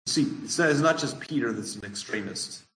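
A man's voice: medium pitch, animated, fairly quick, bright, forceful tone. Earnest preaching man in echoey room. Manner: earnest, asks the congregation questions. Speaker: pastor. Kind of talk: sermon.

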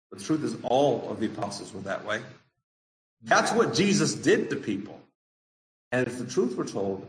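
Earnest preaching man in echoey room. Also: medium pitch. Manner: earnest, asks the congregation questions. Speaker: pastor. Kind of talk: sermon.

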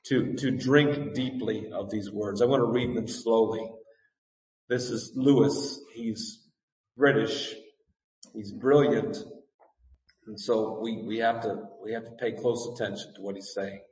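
A man preaching a sermon as a pastor, reading scripture with mounting fervor and then teaching slowly and earnestly, often repeating his words. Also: on the low side, fairly even intonation, a little mellow. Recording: echoey hall, distant mic.

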